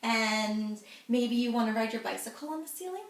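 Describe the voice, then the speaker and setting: A woman with a high voice leads a children's yoga class, talking the kids through each pose in a cheerful, encouraging way. She sounds set back from the mic, and her voice rings around an echoey room. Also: lively intonation, moderate pace, recorded from a distance. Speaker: kids' yoga instructor.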